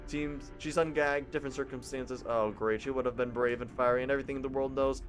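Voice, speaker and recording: Young male gaming host, mid-pitched, loud and jokey, let's-play read-along with soft music underneath. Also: fairly even intonation, fairly quick. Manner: goofy, loud and sarcastic. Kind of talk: let's play reading a visual novel aloud.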